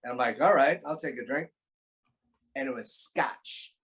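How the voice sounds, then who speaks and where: A man with a middle-pitched voice, a guest on a casual video call, spins a long story about a film set. He rambles, restarts and slips into the voices of the people in his tale. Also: normal speed, a bit bright, poor audio. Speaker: guest actor.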